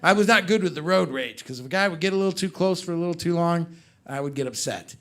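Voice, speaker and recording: A man's voice: a little high, quick pace. A middle-aged man doing a stand-up comedy set on a club stage, telling stories and joking with the crowd. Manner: animated storytelling with crowd work.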